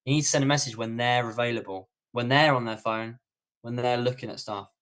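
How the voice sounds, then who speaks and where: A man's voice: medium pitch, fairly even intonation, a little fast, fairly bright tone. A man with a British accent answering viewer questions on a livestream tutorial, in a casual, rambling way with many fillers and restarts. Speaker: online coach.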